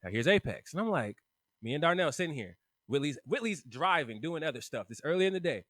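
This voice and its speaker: This man has a high, bright voice that swings widely in pitch as he spins a story on a casual podcast. He swears freely and acts out the people he quotes, and his voice sounds dry and close to the mic. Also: big pitch swings, fairly quick, dry recording. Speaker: podcast co-host.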